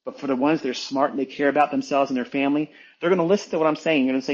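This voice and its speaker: A man's voice: medium pitch, quick pace, highs cut off. A man talking as a trading mentor in a blunt, emphatic, profane monologue, repeating his points for weight.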